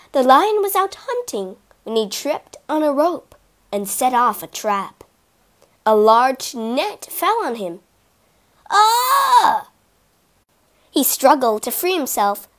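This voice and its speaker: A woman narrating children's fables in a lively, expressive storybook reading. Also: high-pitched.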